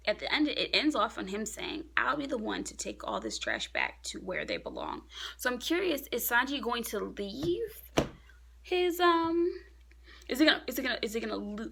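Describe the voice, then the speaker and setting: A young woman talks through a comic chapter in a casual, excitable way. Her voice sits mid-range, and she often drops to a hushed whisper at the tense parts. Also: mid-range voice. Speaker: manga reviewer.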